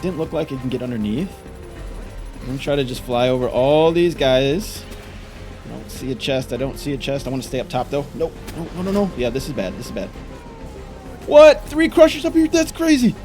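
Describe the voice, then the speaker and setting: A man giving frantic live gameplay commentary, exclaiming and frustrated, later calmly narrating. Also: mid-range voice, brisk, over music. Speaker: gaming YouTuber.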